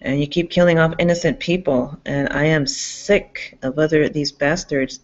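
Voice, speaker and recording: Recorded indoors in a public campus building with dull lo-fi sound, a woman talks to her camera in a rambling, agitated monologue. Her voice is deep, her intonation fairly even, and her pace moderate as she swears often and keeps restarting sentences.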